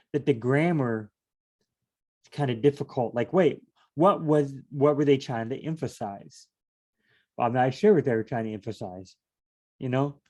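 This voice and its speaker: A man's voice: mid-range voice, a little mellow. A man leading a casual Bible study, rambling and correcting himself with chatty asides.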